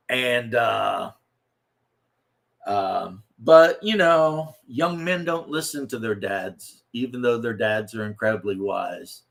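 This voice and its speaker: A man hosting a casual livestream, talking slowly and rambling with many fillers and restarts. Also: mid-range voice, lively intonation, vocal fry, a bit bright. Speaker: livestream host.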